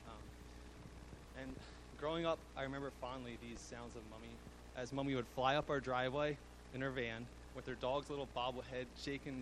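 A man's voice: mid-range voice, a bit bright, slight background noise, low-quality recording. A young man giving a fond eulogy for his grandmother, chuckling often and using fillers. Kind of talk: eulogy speech.

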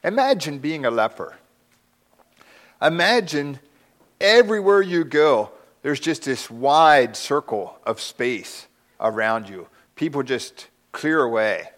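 A man preaching a sermon, telling the story slowly and dramatically, dropping to a hush and then rising for emphasis. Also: mid-range voice, expressive.

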